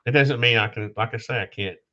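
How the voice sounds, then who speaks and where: A man hosting a casual podcast conversation, talking haltingly with restarts, losing his train of thought and coughing now and then. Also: mid-range voice, bright, forceful tone. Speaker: podcast host. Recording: dull lo-fi sound.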